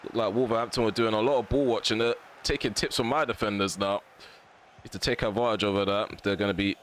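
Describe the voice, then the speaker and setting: Frustrated male gaming commentator, low voice. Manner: frustrated, ranting at players and referee; excitable bursts at chances and goals. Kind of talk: live game commentary.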